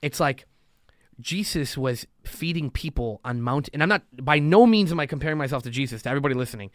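A loan officer appearing as a guest on a casual podcast tells stories and acts out quotes in long motivational stretches. His medium-pitched voice is animated and fast, recorded with studio quality and no echo.

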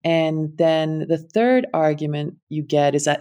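Her voice is deep and warm, unhurried with few pauses. The speaker, a middle-aged impact investing founder from the United States with a Connecticut accent, gives a reflective interview as a guest, candid and thoughtful and occasionally trailing off.

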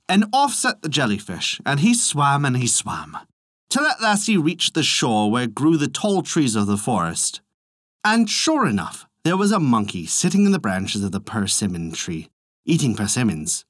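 A man narrating a folk tale as the storyteller and host of a podcast, in a lively, expressive way. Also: mid-range voice, normal speed, no room sound, clean studio sound.

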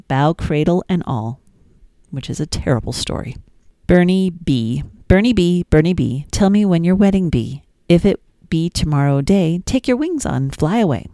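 A woman's voice: lowish voice, dark tone, dry recording. A woman hosting a children's podcast, reading nursery rhymes in a sing-song, playful way with little asides.

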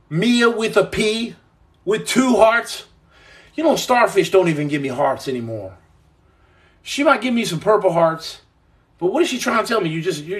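This is a US man reading viewer comments on a casual livestream podcast and joking around with them. His voice sits notably high for a man, and he rambles contentedly, tossing out playful nicknames.

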